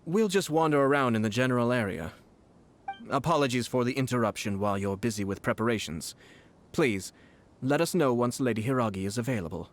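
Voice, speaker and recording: An actor playing a poised, courteous young noble commissioner in a video game, who speaks in a formal, measured, polite way. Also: male voice, medium pitch, animated, a little hiss or hum, lightly acted. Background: game music.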